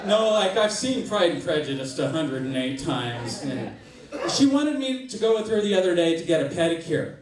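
A man's voice: on the high side, big pitch swings, normal speed. A young man doing stand-up comedy in a self-mocking, rambling way, with frequent restarts. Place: comedy club stage. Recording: echoey club, far mic, laughing crowd.

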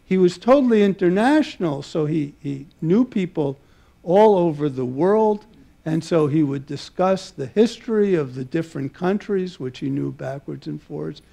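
In a museum lecture hall before an audience, an older mathematician gives a public talk full of personal anecdotes. His slightly high voice is gravelly yet dark and mellow, and though animated, he reminisces warmly and at length, halting often on filler sounds while gathering his thoughts.

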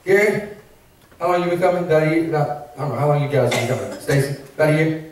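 A man preaching a lively sermon as pastor, shouting, laughing and calling out to the congregation. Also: fairly high pitch, quick pace, slight background noise. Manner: preaching with call-and-response asides. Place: church sanctuary. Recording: very echoey church hall, mic at a distance.

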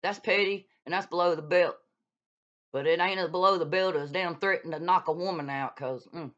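A woman's voice: low-pitched, fairly bright tone. Woman, blunt, profane, scolding vlog rant, muffled lo-fi sound. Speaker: YouTube vlogger calling out another creator. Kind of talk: heated casual rant. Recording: dull lo-fi sound.

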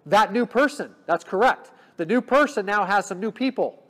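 High-voiced energetic male sales trainer. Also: normal speed. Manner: energetic, coaching, rhetorical check-ins. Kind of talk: business training talk.

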